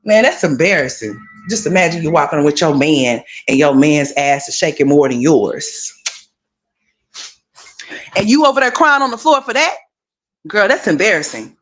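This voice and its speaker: A woman's voice: deep voice, animated, moderate pace, pauses often. A woman hosting a casual gossip commentary livestream, sassy and profane, talking straight to her viewers.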